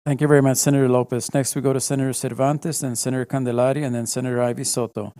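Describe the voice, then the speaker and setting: Chairman guy calling names fast, raspy, flat and dark. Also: mid-range voice. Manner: brisk procedural. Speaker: presiding chairman. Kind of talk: chairing a session.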